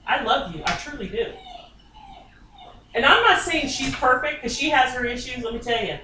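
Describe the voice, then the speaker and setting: A woman's voice: sits high, lively intonation, moderate pace, background noise. A woman psychic medium giving a reading in someone's home, talking bluntly and insistently and swearing often. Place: inside a private home. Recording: echoey room, distant mic, faint ambience.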